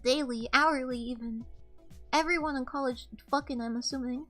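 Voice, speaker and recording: Young female streamer, high pitch, rambling and candid, casual chat, faint music bed. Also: fairly even intonation, normal speed, a bit bright. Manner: rambling, candid storytelling with swearing. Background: faint background music.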